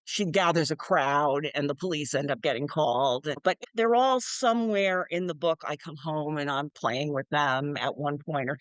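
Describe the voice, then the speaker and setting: Older lady author, lively storyteller, laughs a lot, dry close mic. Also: low-pitched, normal speed, few pauses, dry recording. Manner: animated, acts out quoted voices, laughs often. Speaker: author and guest. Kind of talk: casual interview chat.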